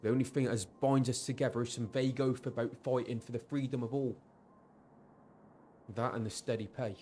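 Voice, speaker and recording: A man doing a loud Geordie mercenary. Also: mid-range voice, steady tone, a little fast, a little hiss or hum, natural voice. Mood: earnest. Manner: blunt, loud, folksy mercenary talk. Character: gruff male mercenary company officer. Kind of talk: reading game dialogue aloud.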